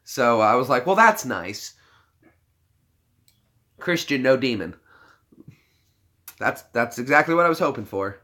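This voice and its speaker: A man's voice: medium pitch, very animated, fairly quick, few pauses, sharp tone. A young American man hosting a casual livestream chat, joking around, playing with words and laughing often. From United States. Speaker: livestream host.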